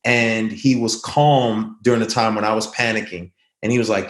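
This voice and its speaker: A man's voice: on the low side, steady tone, normal speed, few pauses, roomy sound. A man speaking as an interview guest, earnest and reflective, telling stories in a conversational way.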